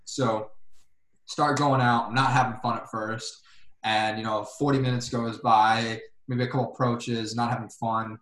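Brief: mid-pitched man, laid-back storyteller, echoey room. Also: a little slow. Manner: relaxed, hesitant with fillers. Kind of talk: casual storytelling chat.

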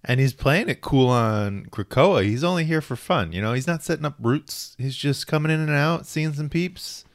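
A man's voice: a little high, lively intonation, moderate pace, hardly any pauses. Enthusiastic male podcast co-host. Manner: enthusiastic, reads out credits. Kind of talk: casual chat about comics.

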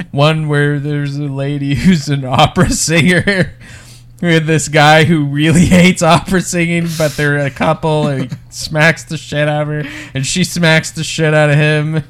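A man co-hosting a casual movie podcast, laughing often and acting out scenes in quick put-on voices. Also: a little high, little pitch movement, a bit bright, clean tone. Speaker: podcast co-host. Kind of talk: casual film review chat.

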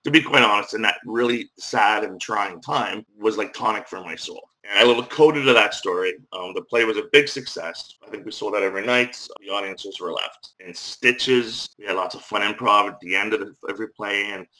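Bright-voiced man from Northern Ireland. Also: on the low side, normal speed, hardly any pauses, low-quality recording. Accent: faint Northern Irish. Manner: warm storytelling, wry humor. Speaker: podcast guest. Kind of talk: casual interview chat.

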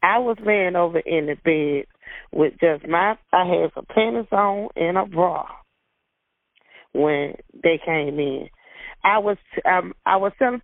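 A woman's voice: lowish voice, a little slow, creaky, no room sound. A woman gives an emotional first-hand account, acting out her own panicked pleas. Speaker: interviewee recounting an arrest. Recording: tinny phone-line archive clip.

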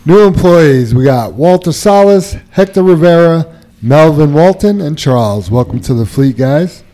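Mellow-voiced man, chatty co-host. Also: fairly high pitch, lively intonation, measured pace. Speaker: podcast co-host reading company announcements. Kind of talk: casual chat.

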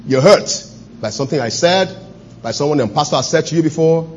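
A man preaching a sermon as pastor, swinging between loud, fervent preaching and low, intimate storytelling. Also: expressive, fairly quick, lo-fi sound, faint music behind.

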